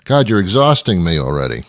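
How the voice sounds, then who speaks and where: A British man hosting a radio talk show, talking in an animated, mock-indignant, rambling way. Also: low-pitched, fairly quick, dry recording, studio quality. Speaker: radio host. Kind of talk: comic talk radio monologue.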